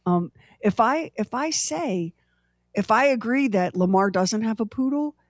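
A woman host, chatting in a joking, animated way. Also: fairly high pitch, a little slow, no room sound, studio quality. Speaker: radio show host. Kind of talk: casual chat.

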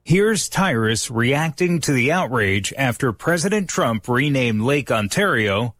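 A man announcing podcast segments in a measured promo style. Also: mid-range voice, lively intonation, fairly bright tone, no room sound.

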